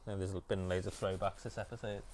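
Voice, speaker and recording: A man with a very low voice hosts a laid-back chat about new music releases. He talks loosely, hesitating and filling gaps as he goes. A faint hum of room ambience sits beneath him. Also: fast talker. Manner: relaxed, hesitant with many fillers. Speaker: music show host.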